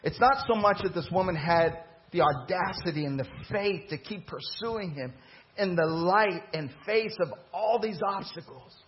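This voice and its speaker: A male pastor preaches to his congregation, voicing the people in his story as he builds toward each point. His voice sits a little high for a man, and the recording is dull and lo-fi. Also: lively intonation, normal speed, slight background noise. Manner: preaching with rising emphasis and dramatized quotes. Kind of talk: sermon. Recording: muffled lo-fi church recording.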